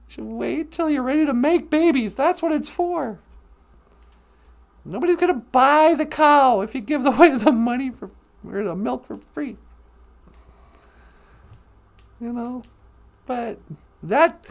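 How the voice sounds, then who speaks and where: A man voicing a brash, opinionated woman co-host with a gravelly, mocking manner in a comedic live stream. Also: very high voice, exaggerated voice. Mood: preachy. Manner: gravelly, laughs through lines, mocking.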